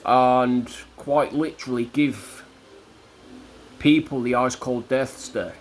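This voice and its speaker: Man, mid-pitched, slow and deliberate, combative vlog rant, faint ambient hiss. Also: fairly even intonation. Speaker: vlogger. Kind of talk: defiant religious rant to camera.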